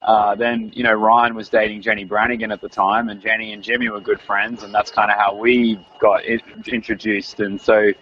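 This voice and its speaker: A man's voice: lowish voice, flat delivery, normal speed, few pauses, slight background noise. An Australian man, around his thirties, chatting casually as an interview guest, rambling with lots of fillers and restarts. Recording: dull lo-fi recording.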